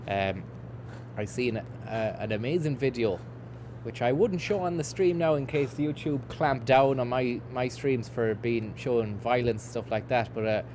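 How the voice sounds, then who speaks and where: A man's voice: mid-range voice, a little mellow, slight background noise. A man streaming a game, rambling and swearing casually while he reads out and answers chat messages. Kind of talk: casual let's-play commentary.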